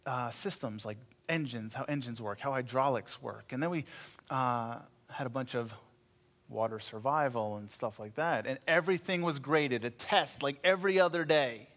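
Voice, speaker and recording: A middle-aged man preaching a sermon, telling stories in an animated, wry way and acting out the voices in them. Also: moderate pace. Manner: animated storytelling, acts out quoted voices with rising pitch; wry, self-deprecating humor. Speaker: pastor.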